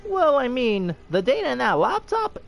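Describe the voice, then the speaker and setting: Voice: high voice, huge pitch swings, moderate pace, creaky, exaggerated voice. A streamer reading a game aloud, voicing a taunting, cruel bear mascot with a mocking, sing-song delivery. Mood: gleeful. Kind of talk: let's play voice reading.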